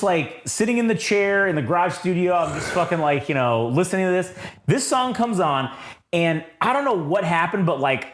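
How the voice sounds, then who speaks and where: A man co-hosting an album review podcast, telling stories in an excitable, profane, animated way. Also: sits high, reverberant. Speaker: podcast co-host. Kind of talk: casual album review chat.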